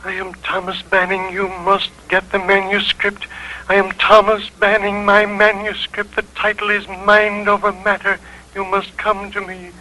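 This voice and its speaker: An eerie distant caller in old radio drama, high monotone, bright edge. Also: male voice, unhurried, full character voice. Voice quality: faint, echoing, insistent. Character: distant ghostly male voice of a writer calling out. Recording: old dull lo-fi radio recording.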